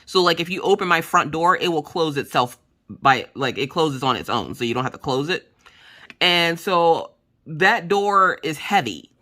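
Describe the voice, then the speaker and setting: A woman telling home stories in a relaxed vlog chat, with a bright, forceful edge to her voice. Her pitch swings widely as she acts out what other people said. She is blunt and swears without a second thought. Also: moderate pace. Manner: animated, acts out quoted voices. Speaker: craft vlogger. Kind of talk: casual storytelling chat.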